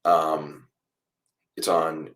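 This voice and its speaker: This is a young man with a remarkably deep, low voice, hosting a live football watchalong stream. He talks casually to his viewers and walks through each play as he watches. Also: drawn-out words. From United States. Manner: chatty, reacts loudly to goals then explains calmly. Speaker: watchalong host.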